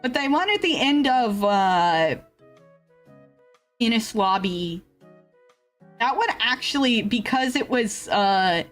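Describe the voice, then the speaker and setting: High-voiced, animated woman streamer. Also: slow, pauses often. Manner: animated, swings between excited yelps and low grumbling; rambling with frequent fillers and laughs. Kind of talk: casual chat with viewers. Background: faint background music.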